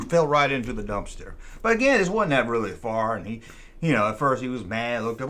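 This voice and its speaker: Expressive and a little fast, this channel host recounts a childhood story with folksy rambling and plenty of repetition. His medium-pitched voice comes across a bit bright.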